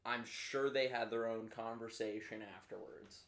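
A man in casual chat, animated and laughing as he talks. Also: mid-range voice, moderate pace. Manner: animated, laughing, quotes people in put-on voices. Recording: echoey room.

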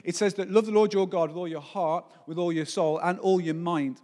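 A man's voice: high voice, fairly even intonation, brisk, a little mellow. A male pastor preaching a sermon in a church, passionate and emphatic, building through repeated phrases. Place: church hall. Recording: long hall reverb.

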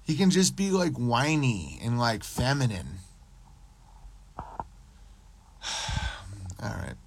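A man's voice: medium pitch, huge pitch swings, takes it slowly, creaky, slight background noise. A man talking loosely and profanely on his podcast livestream, rambling between topics and answering chat messages. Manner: profane, loose, rambling, drops into mocking impressions. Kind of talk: casual rambling livestream monologue.

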